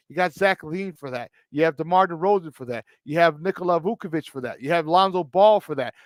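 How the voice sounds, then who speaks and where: A man's voice: high voice, fairly bright tone, dry recording, studio quality. A man from Chicago with a Chicago accent, hosting a sports talk show and hammering his points home with repetition. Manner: emphatic, repeats points for stress. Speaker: sports radio host. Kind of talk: sports talk radio banter.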